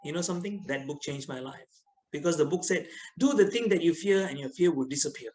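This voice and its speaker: Over poor-quality audio, a middle-aged Malaysian English speaker lectures students online in a brisk, somewhat high voice. His lively, teasing style has him regularly quizzing the class with questions.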